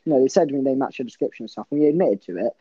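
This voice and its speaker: Talking very fast, a young man co-hosting a podcast spins a meandering, profane story punctuated by laughter. His medium-pitched voice is expressive and mellow. The sound is flat, dry and low-fidelity.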